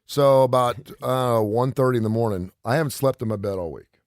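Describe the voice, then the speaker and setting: A man's voice: medium pitch, fairly quick, a little mellow, dry recording, studio quality. A middle-aged man hosting a radio show, casually telling a long rambling story and acting out the quotes. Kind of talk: casual chat.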